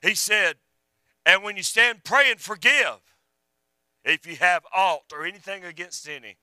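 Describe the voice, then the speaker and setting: A man preaching a sermon, fervent one moment and hushed the next, with a drawl. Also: high voice, animated, a little slow, smooth, no echo, low-quality recording. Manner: fervent, rising and falling, drops to a hush.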